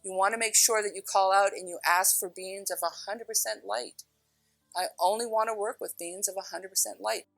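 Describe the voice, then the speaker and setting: Middle-aged woman, storytelling talk, animated, bright tone, dry close sound, faint music behind. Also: mid-range voice, moderate pace, vocal fry, no room sound, low-quality recording. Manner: animated, acts out voices in her story, laughs often. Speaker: spiritual speaker.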